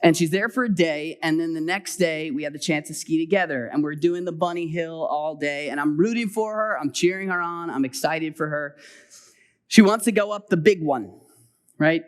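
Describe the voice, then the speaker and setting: A middle-aged pastor with a voice on the high side preaches a sermon built around a personal story. He's animated, swinging between loud exhortation and quiet, hurried asides.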